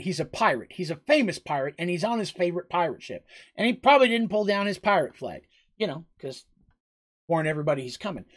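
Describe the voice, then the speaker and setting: Casual male game master, higher voice. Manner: casual, rambling, with restarts. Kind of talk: narrating a tabletop game.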